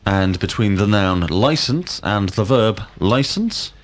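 A male language teacher, asking drill questions slowly and clearly. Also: on the low side, expressive. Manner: slow, deliberate, clearly enunciated questions. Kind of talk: scripted drill lesson.

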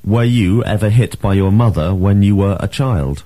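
A man teaching a language lesson, reading drills and asking questions with clear, emphatic delivery. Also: fairly low pitch, moderate pace, warm tone, no echo.

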